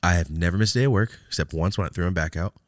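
A young man hosting a podcast, telling a long story in casual, profane chat and jumping into loud quoted outbursts. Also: sits low, racing, no room sound, clean studio sound. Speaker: podcast host.

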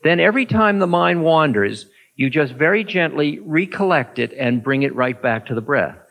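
Animated male meditation teacher. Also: fairly high pitch, moderate pace, gravelly, rough recording. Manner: animated, acts out inner thoughts in little voices. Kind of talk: answering an audience question in a talk.

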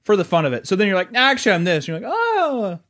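A man's voice: high-pitched, quick pace. A man in his twenties in a casual podcast chat, teasing his friends and acting out little voices. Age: 20s. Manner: animated, teasing, acts out voices. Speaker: podcast co-host.

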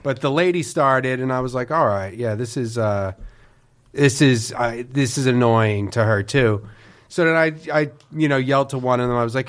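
A man telling a comic story on a podcast, his voice sitting a little high for a man. He swears freely. He mimics the other people in his story and breaks into mock yelling. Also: fairly quick. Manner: profane, acts out people in quotes, loud bursts of mock yelling.

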